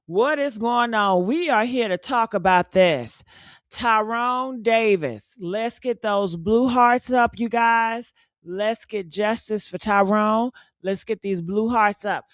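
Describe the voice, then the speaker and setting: A woman with a hoarse voice hosting a casual live stream, talking straight to her viewers. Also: mid-range voice, slow pace, no room sound, studio quality. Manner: chatty, addresses viewers directly.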